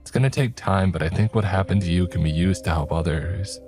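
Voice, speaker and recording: A man voicing a calm, kind woman doctor in a narrated horror story, speaking softly and earnestly. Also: deep voice, a little fast, music in the background, close to an everyday voice.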